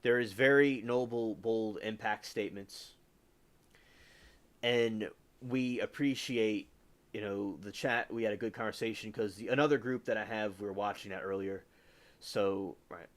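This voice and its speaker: A man's voice: fairly low pitch, steady tone, a little slow. A man hosting a casual livestream, rambling about the news and reading viewer comments aloud. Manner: rambling, reads chat aloud and answers viewers. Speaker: livestream host.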